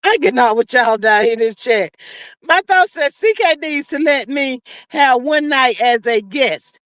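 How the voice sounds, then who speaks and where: A woman's voice: high voice, expressive, a little slow, fairly bright tone, dry recording. A woman hosting a casual livestream, reading out chat comments in a drawling, sassy, preachy way. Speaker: livestream host.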